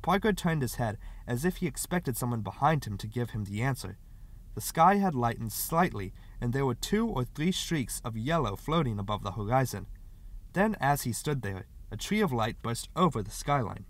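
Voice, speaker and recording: A man reading a short story aloud as an audiobook narrator, in expressive scripted narration. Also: medium pitch, normal speed.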